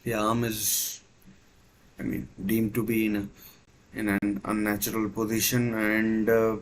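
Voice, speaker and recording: Slow, hesitant man hosting a watchalong. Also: fairly low pitch, monotone, slight background noise, low-quality recording. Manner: hesitant, filler-heavy, many uh and and. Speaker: watchalong host. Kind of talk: live match commentary watchalong.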